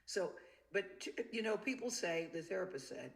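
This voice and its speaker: A woman's voice: medium pitch, normal speed, creaky. A woman telling a personal story in an interview clip, acting out the voices she quotes. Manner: animated, acts out the quoted voices. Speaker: interview guest.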